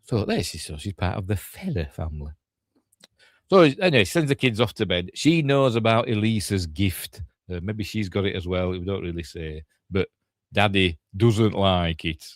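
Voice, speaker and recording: A man's voice: low-pitched, animated, moderate pace, no echo, clean studio sound. An older man with a Yorkshire accent, rambling casually through a film breakdown with chatty asides and self-corrections. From Yorkshire, England. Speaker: film reviewer.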